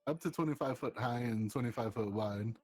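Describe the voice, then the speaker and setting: A man playing in an online tabletop game, calmly describing his character's moves. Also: mid-range voice, a little fast, dry recording. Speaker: player.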